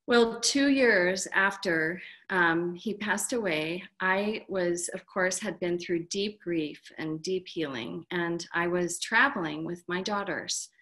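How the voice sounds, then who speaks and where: A woman's voice: on the low side, slow pace, hardly any pauses, a bit bright. A middle-aged woman, a guest author, telling a personal story in an earnest, heartfelt way.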